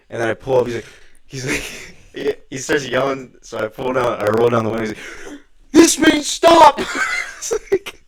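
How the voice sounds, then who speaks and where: A young man, a guest in a casual chat, telling animated stories with laughing and swearing. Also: fairly low pitch, creaky, a little hiss or hum, rough recording. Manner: animated, laughing, swearing, raises his voice when quoting himself.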